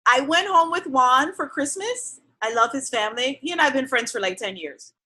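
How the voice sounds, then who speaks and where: Lively, bright-voiced storytelling woman. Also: sits high, moderate pace. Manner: expressive, laughing, jumps between loud outbursts and soft asides. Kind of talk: animated casual storytelling.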